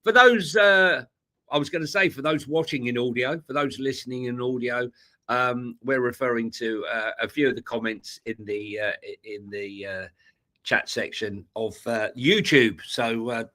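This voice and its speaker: A man co-hosting a live football show in a relaxed, conversational way. His voice is bright and forceful at a middling pitch. He hesitates a lot, trailing off on fillers before finishing his thought. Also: moderate pace. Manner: hesitant, many fillers and restarts. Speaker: co-host of a football podcast. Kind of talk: casual live-stream chat.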